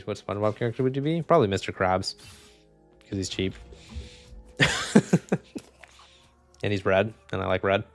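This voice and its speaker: A young male streamer talking in a relaxed, chatty way and swearing now and then. His voice sits a little low. Soft game music plays underneath. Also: normal speed, pauses often. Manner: laid-back, chatty, swears freely. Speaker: gaming streamer. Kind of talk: casual chat while streaming gameplay.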